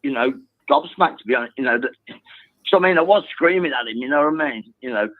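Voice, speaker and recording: A man calling a football phone-in, telling a story excitedly and swearing now and then. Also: a little high, fast talker, dry recording. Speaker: caller. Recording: tinny phone line.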